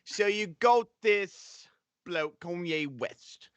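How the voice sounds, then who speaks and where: A man putting on a rowdy British-Australian bloke who swears and gossips, his pitch jumping up and down. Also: sing-song, unhurried, pushed and bright, no room sound, heavily acted. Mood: mocking. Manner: swearing, slangy, swinging between high and low pitch. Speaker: panelist.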